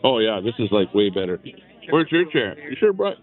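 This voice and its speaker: A man's mid-range voice swings widely in pitch at normal speed. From a chair at an outdoor rally, he hosts a live stream, loosely chatting and greeting people in the chat on a small clip-on microphone; the sound is tinny and lo-fi, phone-like.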